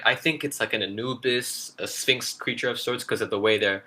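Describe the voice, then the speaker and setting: A man's voice: medium pitch, a little fast, sharp tone. A man co-hosting a casual trailer breakdown, rambling with lots of fillers and restarts. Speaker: podcast co-host.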